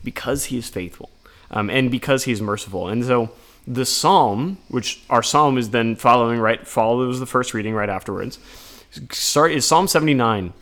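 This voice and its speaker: Man, podcast co-host, earnest, conversational, lively retelling of readings. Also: medium pitch, moderate pace. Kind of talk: casual chat about scripture readings.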